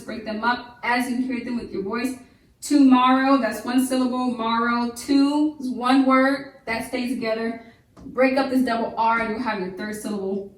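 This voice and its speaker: A woman teaching a phonics lesson, slowly sounding out the syllables of words. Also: on the high side, fairly bright tone, far from the mic. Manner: slow, stretched sounding-out of syllables. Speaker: homeschool teacher. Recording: echoey room, voice off-mic.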